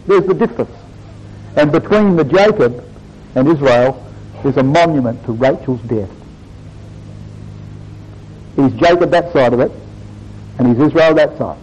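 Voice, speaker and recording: A male preacher delivering a sermon to his congregation, fervent and rising high when quoting scripture. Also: darkish tone, poor audio.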